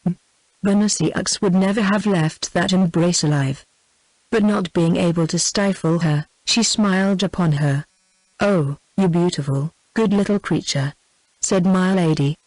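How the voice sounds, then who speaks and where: A text-to-speech woman's voice with a British English accent, reading a classic novel aloud in an even, synthetic way, using the same voice for every character. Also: fairly low pitch, no room sound, low-quality recording. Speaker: narrator.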